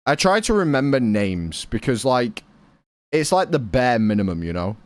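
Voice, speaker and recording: Young British male streamer, animated, casual and chatty, dry close sound. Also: medium pitch, normal speed, no echo. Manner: chatty, reads and answers chat, swears casually. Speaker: game streamer.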